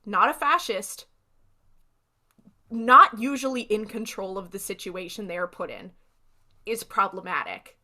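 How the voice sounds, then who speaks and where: Bright-voiced chatty young woman. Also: mid-range voice, expressive. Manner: chatty, acts out characters in quick asides. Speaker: podcast co-host. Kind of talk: casual episode recap.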